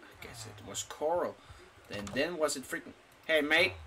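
A man's voice: fairly high pitch, lively intonation, moderate pace, sharp tone, a little hiss or hum. A man casually commenting while playing a game, talking to his in-game pet and squealing when delighted. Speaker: gaming YouTuber. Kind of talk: casual let's-play commentary. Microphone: desktop mic.

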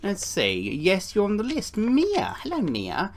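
A woman's voice: mid-range voice, huge pitch swings, unhurried, slight background noise. A woman giving playful gameplay commentary, chatting and slipping into put-on voices for the characters. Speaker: gaming YouTuber.

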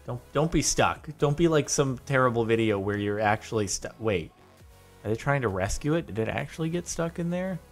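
A man's voice: mid-range voice, lively intonation, fairly quick, faint music behind. A man giving casual, rambling, joking commentary while reacting to videos. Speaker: vlogger.

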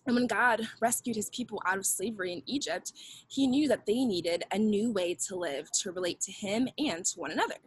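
A woman's voice: medium pitch, brisk, husky, poor audio. A young woman teaching children a Bible lesson in an upbeat way, leading call-and-response with them.

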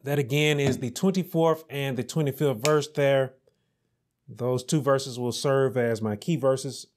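A man preaching a sermon as pastor, slowly and emphatically, repeating key phrases and rising on scripture. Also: mid-range voice, fairly even intonation.

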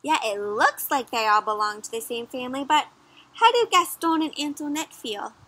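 A young woman reading a picture book aloud for children, animated, often pausing to ask her listeners questions. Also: high voice. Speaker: children's storyteller. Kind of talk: interactive read-aloud for kids.

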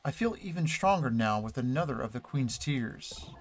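A man reading the inner thoughts of a calm, young masked wanderer from a game, quiet and reflective. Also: mid-range voice, normal speed, close to an everyday voice.

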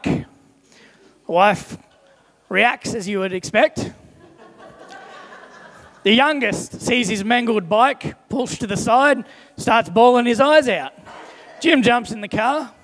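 Preacher with a high voice in an echoing hall. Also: male voice. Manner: animated storyteller, briefly voices the people in his examples. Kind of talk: sermon with acted-out stories. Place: church hall. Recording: long echo of a large church hall.

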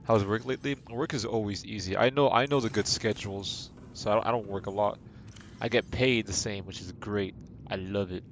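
This live gaming stream features a young man whose fairly low, fairly even voice moves a little fast, with slight background noise and game music. He rambles to his viewers casually, joking and putting himself down in a playful way.

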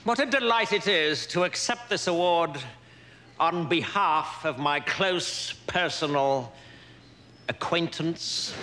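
A man's voice: a little high, full character voice. A man playing a bitter, jealous actor who gives a stiffly polite but barbed acceptance speech on a live stage. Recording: live stage recording with loud hiss.

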